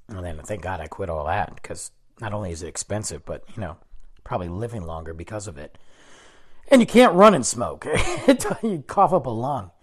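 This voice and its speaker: A man casually telling a rambling story on his vlog, correcting himself as he goes and acting out what people said. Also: mid-range voice. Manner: animated, rambling, self-correcting, acts out quoted dialogue.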